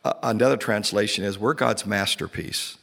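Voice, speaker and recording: A man giving earnest spiritual teaching, telling a story with animated retold dialogue and many restarts. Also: fairly low pitch, moderate pace, vocal fry, in a large hall. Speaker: Christian speaker and teacher.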